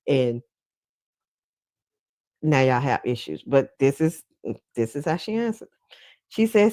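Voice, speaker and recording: Woman vlogger, low-pitched, blunt and profane, dry close sound. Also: expressive, a little slow, long pauses, a little mellow, dry recording. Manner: blunt, profane and chatty, often laughing. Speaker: commentary vlogger. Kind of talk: casual commentary.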